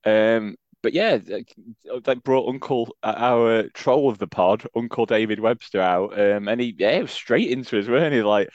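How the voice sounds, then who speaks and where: A man's voice: medium pitch, moderate pace, darkish tone, no room sound. A man co-hosting a podcast, chatting casually with dry, self-mocking humour. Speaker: podcast co-host. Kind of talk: casual chat. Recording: slightly dull, lo-fi sound.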